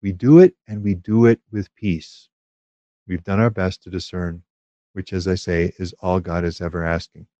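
A man giving a calm, measured spiritual teaching on prayer, with small fillers and restarts. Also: low-pitched, no room sound, muffled recording.

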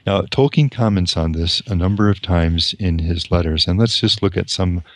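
A man reading a novel aloud and commenting on it as a lecturer, slow and deliberate. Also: low voice, dry recording.

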